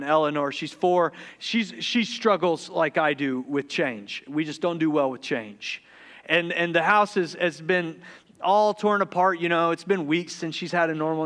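A man in his thirties preaches from the pulpit in a high, bright, forward voice. He tells self-deprecating stories with a comic edge, then drops into a hushed, tender tone. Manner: humorous, confessional storytelling that turns quiet and tender. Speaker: pastor. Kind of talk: sermon.

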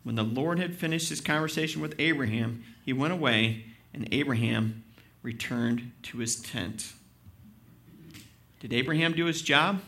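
Bright-voiced male preacher, emphatic. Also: medium pitch, moderate pace, vocal fry. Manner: preaching with rising emphasis while reading scripture aloud; conversational asides and questions to the congregation. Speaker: pastor. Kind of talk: sermon.

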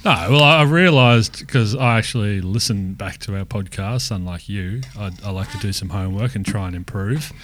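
An Australian man co-hosting a podcast in casual chat, rambling in quick banter and often restarting his sentences. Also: lowish voice, a bit bright. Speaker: podcast co-host.

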